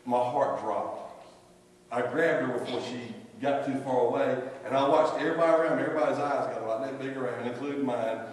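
A man's voice: medium pitch, a little fast. An older man preaching a sermon as pastor, folksy and full of repetitions and asides. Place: church sanctuary. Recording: echoey church hall from far off.

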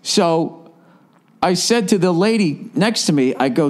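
Podcast host in his forties, slightly high, very expressive, profane comic storyteller. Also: measured pace. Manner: profane, animated, laughing at his own jokes. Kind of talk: casual comedic storytelling.

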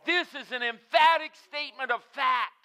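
A man's voice: extremely high pitch, moderate pace, pushed and bright. A man preaching a sermon, emphatic and earnest, with frequent "uh" fillers between phrases.

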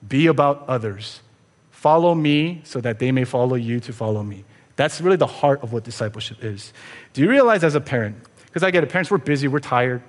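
A man preaches from a church stage, earnest and conversational as he presses his congregation with rhetorical questions. His voice sits in an ordinary middle pitch. The sanctuary adds a long, ringing reverb. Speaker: pastor. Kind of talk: sermon.

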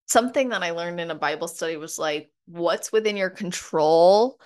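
A woman hosting a podcast, telling examples in a relaxed, chatty way with fillers. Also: fairly low pitch, moderate pace, smooth. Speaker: podcast host. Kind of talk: casual podcast conversation.

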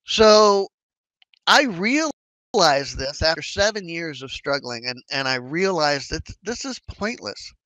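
Man, fairly high bright voice, conversational trading educator, animated, dry close sound. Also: slow pace, dry recording, rough recording. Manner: conversational, animated, acts out inner thoughts. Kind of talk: casual explanatory talk.

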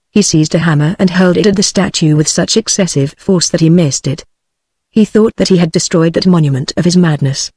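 Tts british lady reading an old novel, steady machine voice, dead dry sound. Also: fairly low pitch, no room sound. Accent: British English. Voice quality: even, machine-read delivery. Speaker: narrator. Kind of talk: synthetic audiobook narration.

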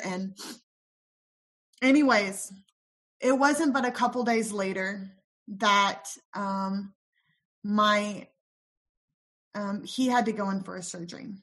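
A young woman with a mid-range voice appears as a guest on a podcast interview, telling a personal story that includes quoted dialogue. She speaks softly and haltingly, with many pauses and ums.

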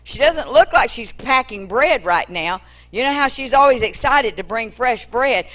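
A woman's voice: a little high, lively intonation, normal speed, fairly bright tone, voice pushed up, rough recording. A woman voicing a fretful old prophet. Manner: musing, fretful chatter. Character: worried old male prophet, gentle and puzzled.

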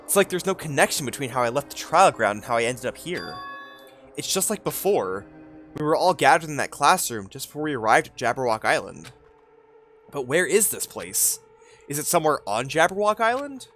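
A man's voice: a little high, big pitch swings, fairly quick, fairly bright tone. A man voicing an anxious, confused teenage boy student, reading game dialogue aloud in a questioning, nervous way. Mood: puzzled.

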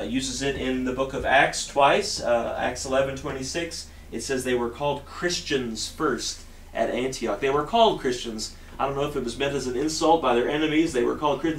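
Preaching man in an echoey church. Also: medium pitch. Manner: earnest, repeats phrases with frequent restarts. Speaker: pastor. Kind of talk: sermon. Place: church sanctuary. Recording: roomy echo, mic at a distance, faint hiss.

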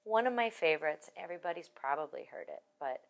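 A woman musician in an oral history interview, talking in a lively, joking way in an archive room. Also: fairly low pitch, fast, gravelly. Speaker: Irish musician.

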